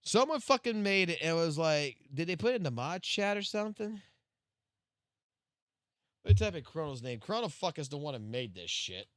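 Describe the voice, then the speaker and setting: A high, bright male streamer talks in a lively, swooping voice. He rambles through a profane late-night rant, restarting sentences as he goes, in a dry, close sound. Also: moderate pace, dry recording. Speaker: live streamer.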